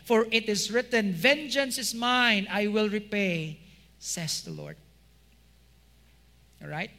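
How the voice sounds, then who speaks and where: A male pastor delivers a sermon in a high, bright voice. He takes his time, pausing for rhetorical questions and stressing single words before sinking his phrase endings low. The sound carries a long hall reverb. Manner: preaching with rhetorical questions, rising emphasis then dropping low.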